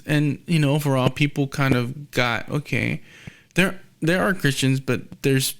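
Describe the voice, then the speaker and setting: A male podcast host in loose conversation, his voice carrying a gravelly rasp. He rambles through a personal story, slipping into the voices of the people he quotes. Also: mid-range voice, measured pace, a bit bright. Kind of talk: casual conversation.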